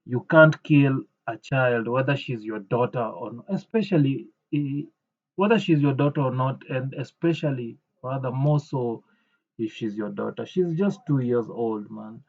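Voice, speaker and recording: A man giving an indignant reaction commentary, halting often with fillers, on a dull lo-fi recording. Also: mid-range voice.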